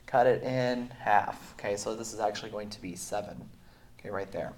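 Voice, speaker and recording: A man who is sick, teaching a recorded math lesson in a relaxed way with many fillers, going through the steps slowly. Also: on the low side. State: sick, voice sounds off. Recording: roomy echo.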